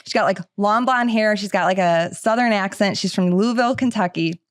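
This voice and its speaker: A woman's voice: mid-range voice, a little fast, smooth, dry recording. Middle-aged woman, podcast host, chatty and casual, lots of fillers, dry close sound. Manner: chatty, filler-heavy with frequent "like".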